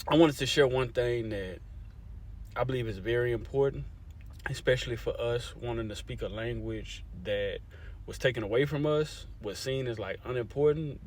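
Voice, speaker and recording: There's a bit of hiss or hum under this medium-pitched male voice. He's a young adult language advocate from Louisiana chatting to camera, explaining in a relaxed, conversational way and frequently asking "you see what I'm saying?" to check in with his audience.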